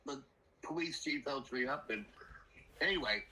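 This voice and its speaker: Older guy telling a wild story, super bright voice, rambles and does the voices. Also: medium pitch, normal speed, a little hiss or hum, low-quality recording. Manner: rambling, animated, acts out quoted voices. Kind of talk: casual spoken anecdote.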